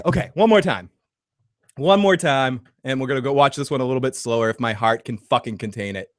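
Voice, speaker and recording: Excitable male streamer, high and lively voice, swears freely, close and dry. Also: no room sound. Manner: excitable, profane, bursts into shouting. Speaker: host of a live reaction stream. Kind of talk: live trailer reaction and chat.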